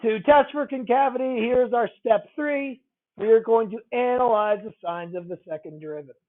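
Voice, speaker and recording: High-voiced man teaching math, tinny sound. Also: normal speed. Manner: conversational, repeats key phrases, checks in with students. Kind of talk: classroom math lecture. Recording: tinny phone-like audio.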